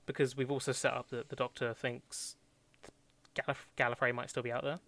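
Fast-talking bright man. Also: mid-range voice, vocal fry. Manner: fast, laughing, animated storytelling. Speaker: podcast co-host. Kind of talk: casual chat.

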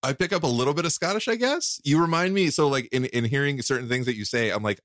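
An excitable American man hosting a casual remote podcast interview, gushing and laughing. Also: on the high side, quick pace, no echo, studio quality. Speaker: podcast host.

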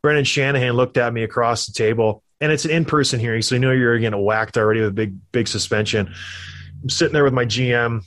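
A former hockey player co-hosting a casual sports chat, telling stories animatedly and acting out quotes. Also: male voice, mid-range voice, quick pace. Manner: animated storyteller, acts out quotes.

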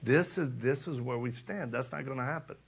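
Gravelly folksy preacher. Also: male voice, mid-range voice, fairly quick. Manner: folksy, joking asides, acts out dialogue. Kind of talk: casual sermon.

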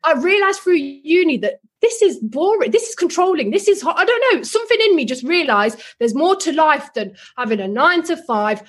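A woman's voice: high voice, fairly quick, few pauses. A young woman from England, a guest on a podcast, chatting casually and laughing often. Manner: lively, laughing, swears casually. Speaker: guest property investor.

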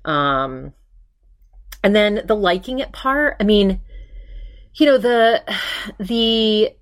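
A woman's voice: medium pitch, animated, slow pace. A woman from Maine hosting a podcast, chatting casually in a rambling way with lots of fillers. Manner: chatty, rambling, full of fillers and "he's like" retellings. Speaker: podcast host. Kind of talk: casual chat recapping an episode.

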